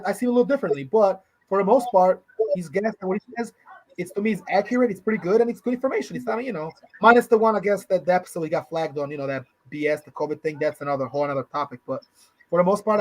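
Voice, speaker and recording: A man in his thirties co-hosting a podcast in casual, rambling chat, full of slang and "you know". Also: high voice. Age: 30s. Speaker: podcast co-host.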